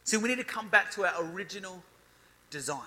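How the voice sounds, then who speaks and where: A man's voice: high voice, expressive, quick pace, sharp tone. A man in his thirties preaching a youth sermon, declaring and building emphasis as he reads scripture. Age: 30s. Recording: reverberant hall.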